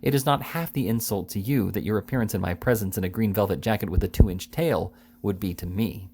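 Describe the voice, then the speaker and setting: A man reading the part of a stout elderly gentleman who speaks with stern, emphatic dignity. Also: on the low side, a little fast, close to an everyday voice. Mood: stern indignant.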